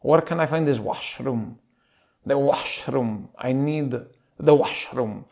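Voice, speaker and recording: A man putting on a mixed Arabic and Persian accent, playing a hesitant male visitor who speaks slow, broken English. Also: mid-range voice, creaky, darkish tone. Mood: pleading. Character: lost, hesitant male visitor asking directions.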